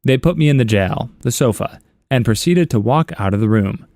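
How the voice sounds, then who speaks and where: A man of middle pitch reads a run of short internet stories aloud, chuckling now and then and slipping in wry little asides. He is recorded on a close mic in a dry, dead space. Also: animated, moderate pace, a little mellow, no room sound. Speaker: story narrator.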